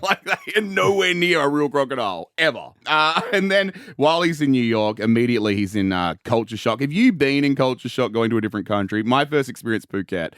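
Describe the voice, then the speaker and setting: A man's voice: mid-range voice, fairly quick, hardly any pauses, no room sound, studio quality. Laughing Australian man chatting casually. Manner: laughs often, animated. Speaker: podcast host. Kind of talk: casual chat.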